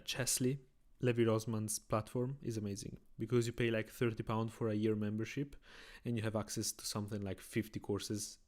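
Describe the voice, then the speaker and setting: A tired young man from Italian-speaking Switzerland, a native Italian speaker, chatting casually and quietly on a chess live stream. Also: fairly low pitch. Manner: talks quietly so as not to wake someone.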